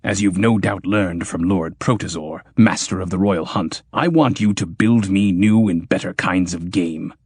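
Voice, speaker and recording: A man voicing a grim, exacting male tyrant king in an audiobook, booming and menacing. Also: normal speed, hardly any pauses, darkish tone, husky, dry recording, studio quality. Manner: booming, menacing, laughs like thunder.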